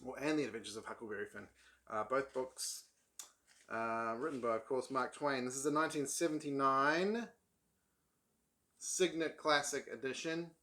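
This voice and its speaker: A man's voice: medium pitch, normal speed, sharp tone. A man vlogging about his old paperbacks in casual, rambling talk full of ums and restarts. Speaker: book vlogger. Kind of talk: casual chat.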